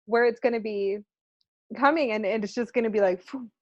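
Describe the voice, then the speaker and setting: A woman co-hosting a casual spiritual chat, animated, laughing often and acting out little quotes with whoops. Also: a little high, brisk, dry recording, dull audio. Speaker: spiritual channel co-host.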